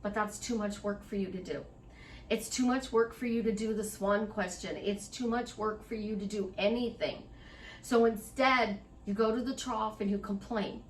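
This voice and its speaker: A woman's voice: medium pitch, fairly even intonation, moderate pace, distant mic, slight background noise. A middle-aged woman life coach giving a chatty, rambling motivational monologue, speaking straight to the listener. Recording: echoey room, voice off-mic.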